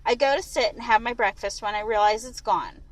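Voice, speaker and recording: A woman reading a first-person novel aloud in an expressive, lively way. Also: a little high, fairly quick, low-quality recording. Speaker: audiobook reader.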